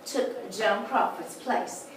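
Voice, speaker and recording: A woman tour guide talks slowly in a mid-range voice with vocal fry, telling chatty, folksy stories and jokes on a guided tour of a large historic house. The recording, made from far off in an echoey room, carries a little hiss or hum.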